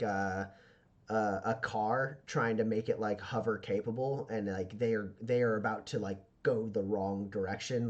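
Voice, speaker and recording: A man's voice: medium pitch, lo-fi sound. A man running a tabletop game as game master, rambling through his descriptions with lots of fillers. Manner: rambling, filler-heavy, full of "like".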